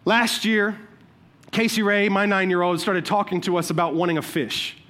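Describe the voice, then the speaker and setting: A man preaching a sermon as pastor, telling personal stories in an animated, conversational and humorous way. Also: high-pitched, normal speed. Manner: repeats "watch this" to cue points.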